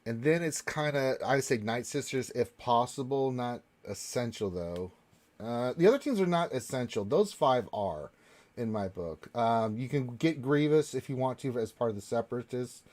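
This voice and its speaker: In a medium-pitched voice at normal speed, a man leads a casual live Q&A panel. He reads viewers' questions out loud and answers loosely and ramblingly, with plenty of filler words.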